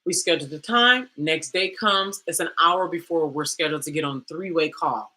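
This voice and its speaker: A woman coach telling a candid personal story, animated and dramatic, with slangy asides like "girl" and "baby". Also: deep voice, normal speed. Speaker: coach and host.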